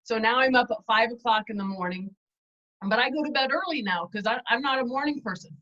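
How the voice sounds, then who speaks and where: A woman's voice: fairly high pitch, fast talker, a bit bright. A woman guest telling her story candidly in a casual interview, over a dull lo-fi video call. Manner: chatty, candid, self-deprecating.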